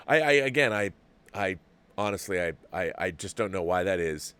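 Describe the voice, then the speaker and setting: A man's voice: sits low, lively intonation, normal speed, a bit bright, clear, resonant tone. A middle-aged man hosting a movie talk show, chatting casually and rambling with frequent restarts as he reads viewer messages. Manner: rambling, restarts with repeated words. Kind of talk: casual livestream commentary, reading viewer chats.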